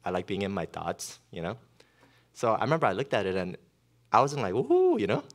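A man's voice: sits low, lively intonation, a little fast, fairly bright tone. A middle-aged male pastor preaching a sermon in a conversational way, with lots of fillers and storytelling.

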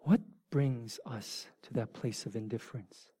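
A man in his forties preaching a sermon, informal and joking, dropping from loud bursts to hushed near-whispers. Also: medium pitch, unhurried, slightly rough, dry recording. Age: 40s. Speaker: pastor.

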